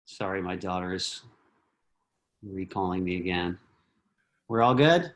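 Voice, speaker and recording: A man's voice: low-pitched, animated, unhurried. A man on a video call, earnestly telling a personal memory with many fillers and restarts. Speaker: disciple giving homage.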